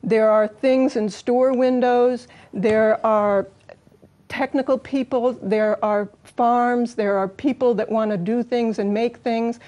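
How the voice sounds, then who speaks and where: A woman's voice: a little high, fairly even intonation, slow pace, dark tone, highs cut off. A woman earnestly explaining ideas as a guest in a radio interview.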